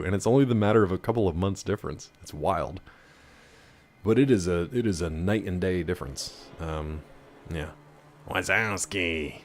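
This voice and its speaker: A man's voice: low voice, normal speed. A man streaming a game, chatting casually and wryly with viewers. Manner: chatty, wry, rambling. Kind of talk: casual live-stream chat.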